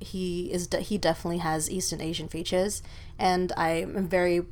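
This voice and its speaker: A woman's voice: fairly low pitch, level tone, moderate pace, a little mellow. A young woman with an Australian accent, chatting casually as a filmmaker guest and telling stories with lots of filler words. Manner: chatty, storytelling, lots of likes and ums. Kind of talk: casual conversation.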